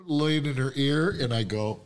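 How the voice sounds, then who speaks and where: A man's voice: medium pitch, unhurried, background noise. A man, a podcast guest, telling a story animatedly, acting out the voices he quotes and laughing often.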